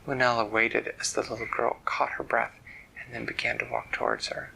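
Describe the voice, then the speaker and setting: A man telling an improvised bedtime story in a soft, hushed voice, stopping to explain words. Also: medium pitch, big pitch swings, normal speed, gravelly, a little hiss or hum, poor audio.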